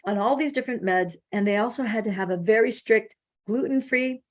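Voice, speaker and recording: A woman with a fairly high voice, talking a little fast, hosts a casual phone consultation. She's an animated storyteller, acting out the quoted speech in her anecdotes.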